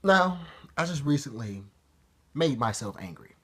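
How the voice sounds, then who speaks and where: A man's voice: medium pitch, big pitch swings, measured pace, bright, forceful tone, slightly rough. A man talking to camera in a rambling, profane vlog monologue that keeps interrupting itself. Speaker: vlogger.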